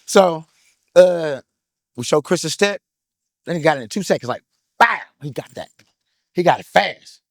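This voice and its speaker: A man in his thirties telling his story in an interview, excitable and hyped, full of "like, like" fillers, street slang and swearing. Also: fairly high pitch, moderate pace, long pauses, no echo, clean studio sound.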